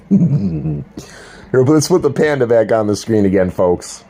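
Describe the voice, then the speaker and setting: A man's voice: mid-range voice, big pitch swings, slow pace, creaky, long pauses, mellow. An older man ranting crudely and mockingly to his livestream viewers, laughing at his own jokes. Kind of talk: casual livestream rant.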